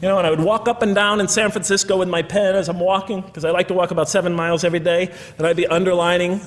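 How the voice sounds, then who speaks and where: A man's voice: sits high, flat delivery, fast. American man lecturing in a reverberant hall. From United States. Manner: conversational with wry asides. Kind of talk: public lecture. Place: large lecture hall with audience. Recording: long reverb of a large hall.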